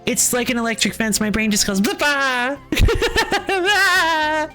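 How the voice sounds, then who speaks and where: A woman's voice: sits high, sing-song, takes it slowly, pushed and bright, faint music behind. A woman streamer chatting casually while playing, ranting with frequent laughs and sighs. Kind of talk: casual game stream chat.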